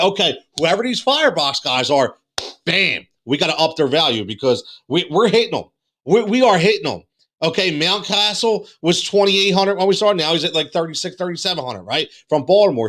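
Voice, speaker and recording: A man with a slightly high voice hosting a live fantasy sports show. He talks in an excited, repetitive rush, full of fillers and restarts. He is losing his voice. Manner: excitable, repeats himself, many fillers and restarts. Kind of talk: excited live-stream chat.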